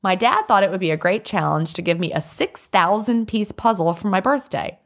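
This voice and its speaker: A woman's voice: medium pitch, brisk. A woman co-hosting a podcast, chatting casually and reading listener letters aloud. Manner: laughs often, chatty and animated. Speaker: podcast co-host.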